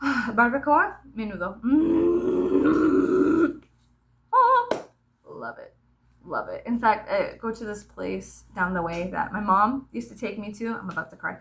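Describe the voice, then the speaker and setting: Speaking at a medium pitch with a fairly bright tone, a young woman vlogger chats to camera about her childhood in a rambling way. She laughs often and doesn't hold back on swearing.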